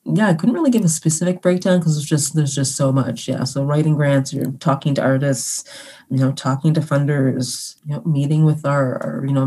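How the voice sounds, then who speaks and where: Low-voiced woman rambling about arts admin work, lots of you-knows and little laughs. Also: warm tone, slightly rough. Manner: chatty, laughs often, many fillers. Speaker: arts organization general manager, guest. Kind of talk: casual interview chat.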